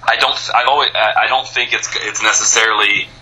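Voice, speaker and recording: A man's voice: mid-range voice, steady tone, a little fast, bright, forceful tone, poor audio. A man from the United States, a guest in a casual interview, talking in an enthusiastic, rambling way with many restarts.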